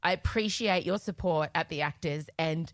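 A woman's voice: low voice, moderate pace, no room sound. A middle-aged Australian woman co-hosting a podcast, chatting and gossiping with frequent laughs. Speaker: podcast co-host. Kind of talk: casual chat.

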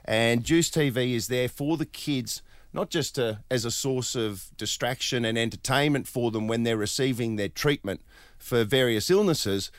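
A man's voice: medium pitch, normal speed, no echo, studio quality. Chatty Australian radio host man. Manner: chatty, rambling with fillers. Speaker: radio breakfast show host. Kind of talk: breakfast radio chat. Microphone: studio microphone.

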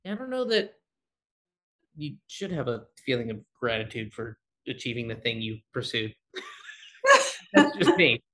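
A man's voice: mid-range voice, huge pitch swings, unhurried, pauses often, sharp tone. A man, a guest actor talking casually in an interview, rambling and blunt. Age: 30s. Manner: rambling, self-deprecating, blunt.

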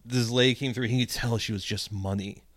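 A man's voice: medium pitch, fairly quick, no room sound. A man co-hosting a podcast, telling stories in a casual, profane way and acting out the people in them. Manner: profane, animated storyteller acting out quotes. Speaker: podcast co-host. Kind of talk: casual storytelling chat.

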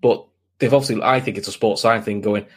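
Husky-voiced man talking football. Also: fairly low pitch, steady tone, fairly quick. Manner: blunt, opinionated, talks in long runs with restarts. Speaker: podcast co-host. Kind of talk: casual football chat.

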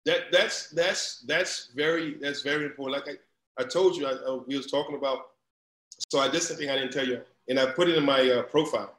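Animated man in an echoey room. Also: mid-range voice, fairly quick. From Louisiana. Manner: animated, repeats himself, rising into loud storytelling. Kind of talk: casual conversation. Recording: roomy echo.

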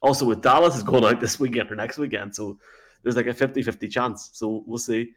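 A man's voice: mid-range voice, steady tone, brisk, fairly bright tone. Playful teasing male co-host. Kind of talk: casual sports chat.

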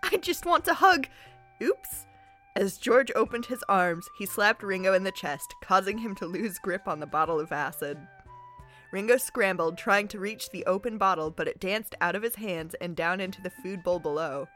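A woman podcast co-host reading a comic story aloud with a giggly, animated delivery. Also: on the low side, moderate pace, faint music behind.

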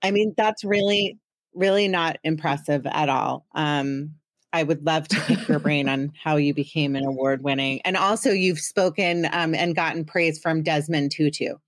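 Woman, podcast host, slightly low pitch, dry close sound, chatty, teasing. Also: normal speed, no room sound. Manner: chatty, self-deprecating, teasing. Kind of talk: casual chat.

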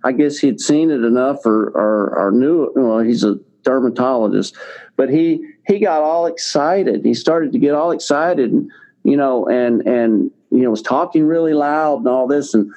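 An older man, a guest, tells a long personal story about his health in a casual, rambling way, with many fillers and restarts. His mid-range voice is unhurried and mellow, and the recording's highs are cut off.

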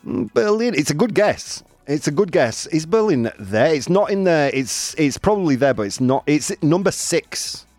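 A man's voice: a little high, sing-song, moderate pace, few pauses, darkish tone, no echo, faint music behind. A man hosting a live show in casual chat, playful and laughing, mixing in Spanish phrases. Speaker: host of a live daily show. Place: studio in Madrid.

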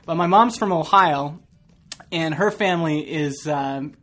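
A man's voice: fairly high pitch, a little slow, a bit bright. Chatty Canadian man hosting a podcast. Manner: chatty, laughs easily, loose and rambling. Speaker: podcast host. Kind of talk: casual podcast conversation.

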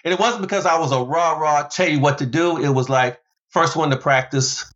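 A man from the United States telling stories in an interview as a former basketball player and motivational speaker, animated, with big leaps in pitch for emphasis. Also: moderate pace, highs cut off. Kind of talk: storytelling interview.

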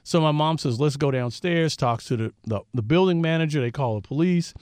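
A man's voice: fairly high pitch, fairly quick, smooth, dry recording. A man in his fifties from Southern California, a guest telling stories in an interview and acting out what people said. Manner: animated storyteller who acts out quoted dialogue. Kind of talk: storytelling interview.

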